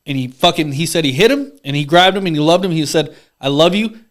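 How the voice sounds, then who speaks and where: A man's voice: on the high side, fast talker. A young man hosting a podcast, chatting casually, rambling and swearing freely. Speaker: podcast host. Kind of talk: casual chat.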